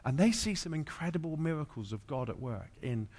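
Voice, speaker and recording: A man's voice: a little high, very animated, a little fast, darkish tone. A man, a pastor, preaching through an anecdote, with many fillers and restarts. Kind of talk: sermon storytelling.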